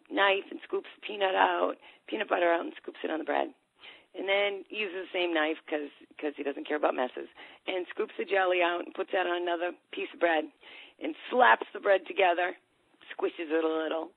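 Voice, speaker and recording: A woman's voice: on the low side, fairly quick, gravelly, no echo. A woman coaching people with ADHD on a call, telling a story and acting out the voices in it. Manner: storytelling, acts out voices in a lively way. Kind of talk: talk on a call. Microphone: phone or call line. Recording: tinny phone line.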